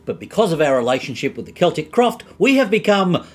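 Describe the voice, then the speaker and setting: An Australian man co-hosts a comedic review with an upbeat, bantering delivery. His voice is a bit husky, and his pitch swings widely as he talks. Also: big pitch swings, brisk. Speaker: co-host.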